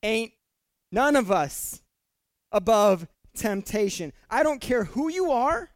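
Pastor guy giving a chatty funny sermon, kinda high voice, super clean and clear. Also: takes it slowly, no echo. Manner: conversational and jokey, repeats words when excited.

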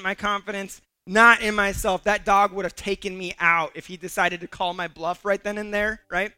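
A man preaching a sermon to his church, animated and telling a personal story, acting out the voices in it. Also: sits high. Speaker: pastor.

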